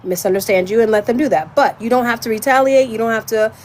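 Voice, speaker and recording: Brief: woman host, higher voice, frank, swears, loose spiritual chat. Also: quick pace, a little hiss or hum. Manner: candid and animated, swears freely, laughs and breaks into song. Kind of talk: casual monologue.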